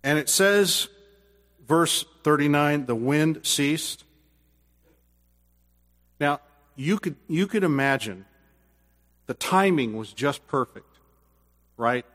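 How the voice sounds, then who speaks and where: A man preaching a sermon as pastor, earnest, swinging from loud bursts to hushed quiet, then leading a closing prayer. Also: on the high side, lively intonation, slow pace, long pauses, big-room sound.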